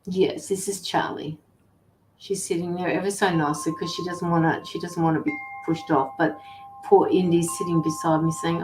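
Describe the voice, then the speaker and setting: A woman's voice: lowish voice, little pitch movement, moderate pace. A woman hosting a casual livestream as a tarot reader and medium, chatting affectionately with viewers and fussing over her dogs. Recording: roomy echo with faint music.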